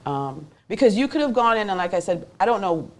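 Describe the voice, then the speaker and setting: A woman's voice: mid-range voice, big pitch swings, fairly quick, a little mellow. A woman interviewing a guest in a chatty, conversational way, often breaking in with short agreements.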